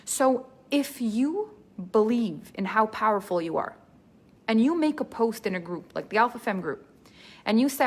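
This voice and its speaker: A woman's voice: fairly high pitch, animated, moderate pace. A woman business coach giving an earnest masterclass talk, repeating key points for emphasis.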